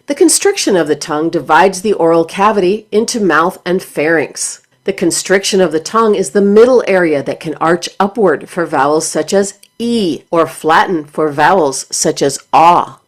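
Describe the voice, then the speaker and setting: A woman voice teacher narrates a singing lesson from a script. Her voice sits slightly low, and she explains each point in a clear, measured, careful way. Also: lively intonation.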